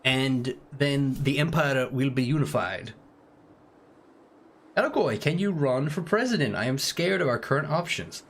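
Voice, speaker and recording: A man's voice: mid-range voice, expressive, a little slow, fairly bright tone, slight background noise. A British man live-streaming a strategy game, rambling and joking with chat while giving tactics. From United Kingdom. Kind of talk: casual live-stream commentary.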